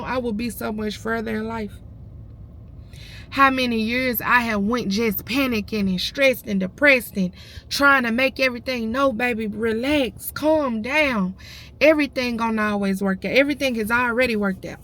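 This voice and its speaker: A woman's voice: fairly high pitch, normal speed, pushed and bright. A woman, close to tears, telling her viewers a story in a casual, emotional vlog. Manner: tearful, addresses viewers as y'all. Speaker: vlogger.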